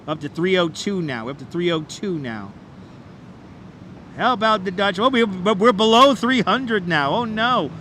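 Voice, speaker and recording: A man keeps up a chatty, repetitive auctioneer patter while walking a city bridge on a live stream. His voice sits high and sounds bright and forceful. A wireless clip-on mic picks him up outdoors with faint traffic noise behind. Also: animated, moderate pace. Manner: auctioneer-style hyping of like counts; playful, repetitive, chatty with viewers. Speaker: livestream host. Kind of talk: live walking-tour commentary.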